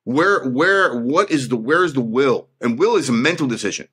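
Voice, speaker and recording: A man's voice: mid-range voice, animated, moderate pace, a bit bright, husky. A man who is an actor, talking earnestly in an interview and repeating phrases like a pep talk to himself. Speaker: actor, podcast guest.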